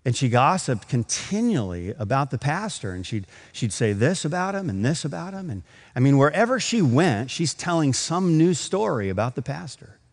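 A man's voice: fairly high pitch, very animated, moderate pace, long reverb tail. A man preaching a sermon, telling a story with acted quotes and building to emphatic points. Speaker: pastor.

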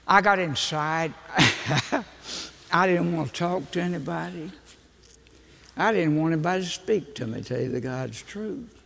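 Older male preacher, joking folksy storyteller, bright husky tone, long church reverb. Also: on the high side, expressive, measured pace, pauses often. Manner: folksy, humorous, self-deprecating storyteller. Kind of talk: storytelling sermon.

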